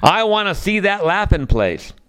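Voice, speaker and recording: A man's voice: sits high, big pitch swings, moderate pace, fairly bright tone, clear, resonant tone. A man voicing a big, greedy, stubborn male bear who talks bluntly in a storybook reading.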